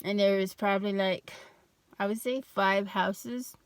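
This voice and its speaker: A woman's voice: medium pitch, clear, resonant tone, no room sound. A young adult woman telling a personal story in a casual vlog, loose and full of fillers and restarts. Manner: slow, even, flat delivery. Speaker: vlogger.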